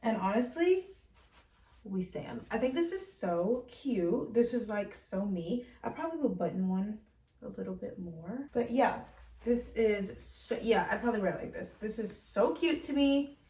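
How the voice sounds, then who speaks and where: A woman's voice: medium pitch, expressive, unhurried, dark tone. A young woman chatting casually in a fashion try-on haul, bubbly and full of fillers, speaking from across the room. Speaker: fashion vlogger. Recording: roomy sound from far off.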